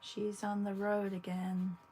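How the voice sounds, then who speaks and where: A woman with an English accent, hosting an art livestream, chatting casually with viewers while she paints and pausing often. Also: mid-range voice, level tone, mellow, a little hiss or hum. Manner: chatty, talks to viewers between long pauses.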